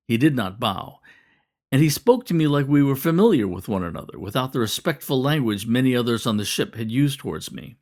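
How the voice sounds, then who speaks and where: A man reading his own novel aloud as first-person audiobook narration, measured and steady. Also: mid-range voice. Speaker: author reading own book.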